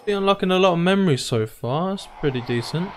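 Chatty young gamer. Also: male voice, high voice, animated, quick pace, slight background noise. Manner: chatty, reacting aloud, playful. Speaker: gaming YouTuber. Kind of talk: let's play commentary.

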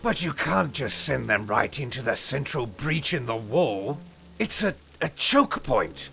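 A man voicing a nervous, servile undead male alchemist who talks in a hesitant, wheedling way with a raspy, creaky voice. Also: mid-range voice, big pitch swings, unhurried, bright, forceful tone, full character voice. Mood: pleading. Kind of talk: audiobook character voice.

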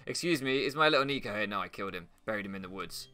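A man's voice: on the low side, expressive, racing, bright, forceful tone, faint music behind. A young British man playing a game and rambling through casual commentary, sarcastic, swearing and bursting into mock outrage. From Britain. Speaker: gaming YouTuber. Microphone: floor mic at first, then desk mic.

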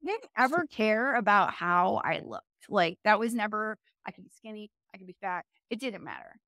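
A woman guest on an interview, telling her story in a loose, chatty way and restarting her sentences as she goes. Her voice sits at an ordinary middle pitch. The sound is dry and close, with no room echo. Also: expressive, normal speed, bright, forceful tone. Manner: chatty, frequent fillers and self-corrections, laughs often. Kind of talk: casual conversational storytelling.

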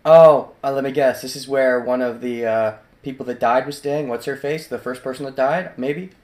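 A man's voice: mid-range voice, fairly even intonation, normal speed, a little mellow. Chatty sarcastic gamer man. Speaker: let's play host. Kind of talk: casual gameplay commentary.

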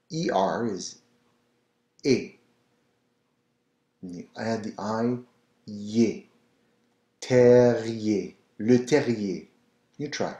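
A man teaching pronunciation, who repeats each word slowly and coaxes the listener to try it. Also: lowish voice, mellow. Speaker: French teacher. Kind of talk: slow, patient pronunciation lesson. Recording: echoey room.

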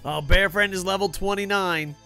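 A young man streaming a football video game live, joking with his chat, swearing and getting loudly excited. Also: high-pitched.

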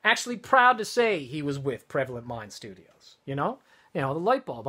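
A vlogger vents to camera in a heated, swearing rant, circling back and restarting sentences. The voice is bright and forceful, pitched in the middle. It is recorded in a room at home. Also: very animated, normal speed. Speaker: vlogger and wedding studio owner. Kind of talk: angry profane rant to camera.

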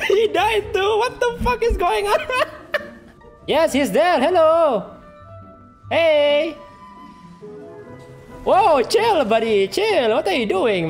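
A high-voiced streamer gives excitable live gameplay commentary packed with trash talk, laughter, and repeated short taunts. The English shows non-native grammar.

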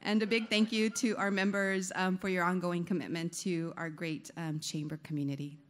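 A woman's voice: fairly low pitch, level tone. A woman, chamber of commerce president, giving upbeat closing announcements at a business breakfast, a bit out of breath and full of fillers. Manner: upbeat, many fillers, rushing to wrap up. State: a little out of breath.

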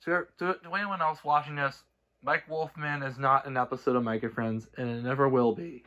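A young man ranting straight to camera, exasperated and scolding, tripping over restarts and swinging between low mutters and shouted outbursts. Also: fairly even intonation, fairly quick, muffled recording. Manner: stumbling restarts. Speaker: cartoon creator. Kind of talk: angry direct-to-camera rant.

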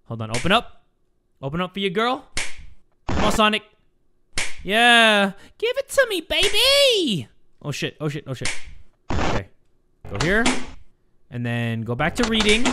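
Excitable, shouty male gamer. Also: a little high, a little slow, pauses often, background noise. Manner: excitable, shouty, profane banter at the game. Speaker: gaming YouTuber. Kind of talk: let's-play commentary.

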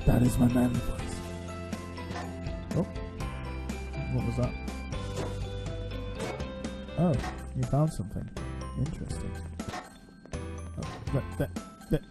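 A man's voice: mid-range voice, slow pace, pauses often, over loud music. A man giving casual horror-game commentary, making crude jokes and calling himself the Batman in the third person. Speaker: gaming channel host.

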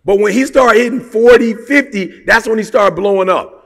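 A motivational speaker, a man with a high-sitting, fairly bright voice, talks at a moderate pace with a long reverb tail. He is emphatic and colloquial, firing off rhetorical questions.

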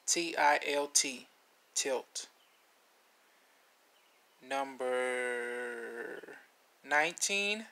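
Guy spelling out vocab words super slowly, bright voice, says each word over and over. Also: on the high side. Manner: spells words letter by letter, repeats each word, relaxed asides. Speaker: vocabulary video host. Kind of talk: slow spelling lesson.

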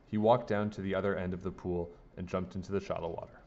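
A man reading a children's picture book aloud in a lively, sing-song way. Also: deep voice, fast, a little hiss or hum. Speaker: storybook reader. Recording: dull lo-fi recording.

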